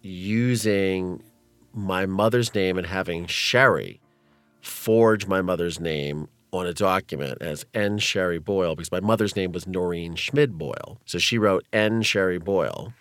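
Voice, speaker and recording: Low-voiced man recounting his past. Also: a little slow, a bit bright, smooth, dry recording, faint music behind. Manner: candid, with nervous laughs and filler words. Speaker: guest telling his life story. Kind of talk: conversational storytelling.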